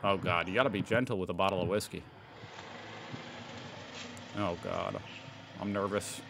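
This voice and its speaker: Chatty American man, fairly low voice. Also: steady tone, moderate pace, vocal fry, background noise. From United States. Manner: chatty, amused, reads posts aloud. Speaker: host reacting to online posts. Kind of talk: casual reaction commentary. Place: home room in Indiana.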